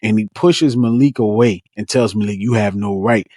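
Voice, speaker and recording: A man's voice: lowish voice, normal speed, no echo, clean studio sound. Laid-back man retelling a story. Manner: relaxed, retells scenes with quoted lines, casual slang. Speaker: book club co-host. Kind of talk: casual book discussion.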